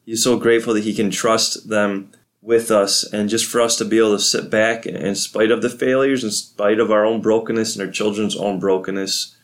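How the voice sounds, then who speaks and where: A middle-aged man with a fairly low voice gives a devotional podcast talk. He is a pastor, and he speaks to parents in an earnest, prayerful and encouraging way.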